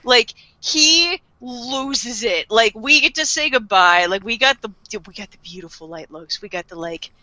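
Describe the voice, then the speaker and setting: A woman co-hosting a casual podcast chat, giggling, swearing and acting out scenes in quick quoted voices. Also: fairly high pitch, lively intonation, sharp tone, no echo, poor audio. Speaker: podcast co-host. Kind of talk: casual chat, recapping an anime.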